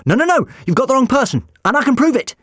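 A frantic, pleading time traveller as a man puts him on whose voice shoots up high and loud. He keeps a gravelly, husky edge under the panic. The audiobook recording is dry and close. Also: sing-song, a little fast, no room sound. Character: frantic quick-talking male time traveller. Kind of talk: audiobook character voice.

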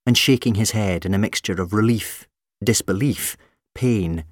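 A man narrating an audiobook with expressive storytelling. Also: on the low side, normal speed, no room sound, studio quality. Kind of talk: scripted narration.

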